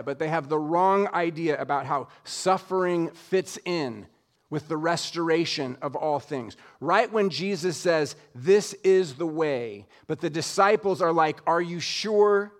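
High-voiced man preaching a sermon. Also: a little slow. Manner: expressive preaching, drops soft and low for scripture quotes. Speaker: pastor.

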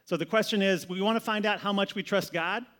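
A man's voice: high-pitched, brisk. A man preaching a sermon in a conversational manner, often repeating words as he goes. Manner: conversational, repeats words, shifts between loud and soft. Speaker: pastor.

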